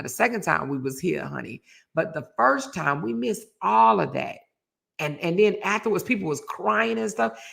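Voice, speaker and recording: A middle-aged woman, hosting a casual live stream and telling a story, acting out quoted voices with sudden high jumps. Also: creaky. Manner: animated storyteller, acts out quoted voices with big pitch jumps. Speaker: host of a live relationship talk show.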